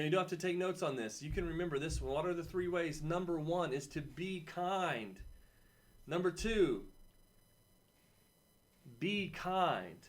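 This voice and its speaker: A man teaching a weekly video lesson to children, chatting and encouraging, repeating key phrases and adding playful asides. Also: medium pitch. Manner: playful asides and personal stories. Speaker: camp teacher.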